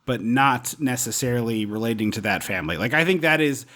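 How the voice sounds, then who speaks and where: A man talks through a casual movie podcast with a rambling, animated delivery. He laughs often and keeps the chat loose. His voice sits at an ordinary middle pitch. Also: fairly quick. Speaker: podcast co-host.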